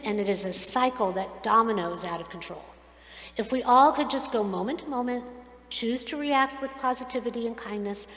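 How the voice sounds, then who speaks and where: A woman rabbi giving a sermon, telling stories in an animated, earnest way. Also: fairly high pitch. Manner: animated storytelling, earnest and preachy. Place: synagogue sanctuary. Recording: echoey hall, long reverb.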